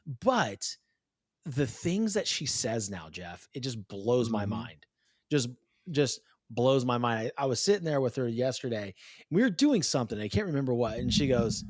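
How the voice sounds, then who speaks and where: A man's voice: medium pitch, moderate pace, no echo, studio quality. A man in his thirties hosting a podcast, chatting casually and acting out quotes as he tells stories. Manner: animated storyteller, acts out quotes. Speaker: podcast host. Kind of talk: casual interview chat.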